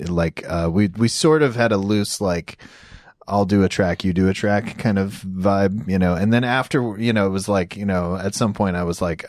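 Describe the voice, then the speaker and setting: A man's voice: low-pitched, normal speed, darkish tone, dry recording, studio quality. A man hosting a podcast in casual chat, rambling with lots of fillers and restarts. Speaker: podcast host. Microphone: desk mic.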